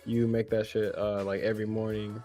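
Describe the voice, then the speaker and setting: A young man, a podcast guest, chatting in relaxed, easygoing slang. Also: fairly low pitch, fairly quick, faint music behind. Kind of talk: casual chat.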